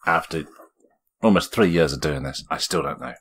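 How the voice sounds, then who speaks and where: Very deep-voiced man playing games. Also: moderate pace, fairly bright tone, slight background noise. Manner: chatty, reads on-screen text aloud with stumbles. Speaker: game reviewer. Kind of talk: casual let's-play commentary. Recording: background music clearly audible.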